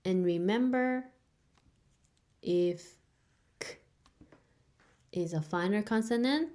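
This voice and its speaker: A woman's voice: mid-range voice, takes it slowly, dark tone. A woman teaching a beginner language lesson, a native Korean speaker who patiently repeats each sound several times for learners.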